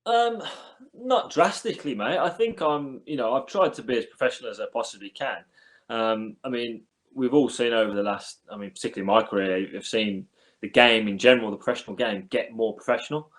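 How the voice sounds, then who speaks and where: An English man in his thirties, a cricketer, chatting casually in an interview, relaxed and hesitant with many fillers. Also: medium pitch, fairly quick. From England. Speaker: cricketer guest.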